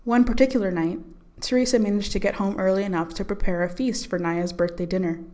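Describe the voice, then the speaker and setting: A woman narrating a story in a calm, measured storytelling voice. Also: medium pitch. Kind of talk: scripted audiobook narration.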